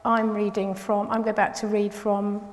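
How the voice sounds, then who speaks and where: A woman's voice: medium pitch, flat delivery, normal speed, a little hiss or hum. A woman preaching a sermon, talking conversationally with restarts and pressing hard on key phrases. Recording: long reverb of a large hall.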